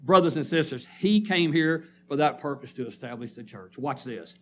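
A man's voice: on the high side, lively intonation, normal speed. A man preaching a sermon to a congregation, reading scripture and calling for responses. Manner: emphatic call-and-response preaching. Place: church congregation.

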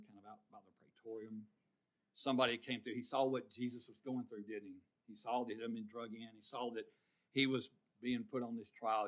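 A man preaching a sermon, drawing call-and-response from his congregation and swinging from loud to hushed. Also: medium pitch.

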